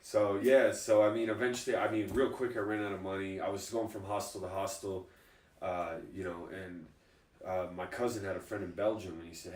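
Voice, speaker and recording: Casting: relaxed man, lowish voice, spinning yarns as a guest, recorded at a distance in a roomy space. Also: brisk. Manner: laid-back, chuckling storyteller. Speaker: guest, fighter. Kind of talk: casual storytelling interview. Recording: echoey room, distant mic.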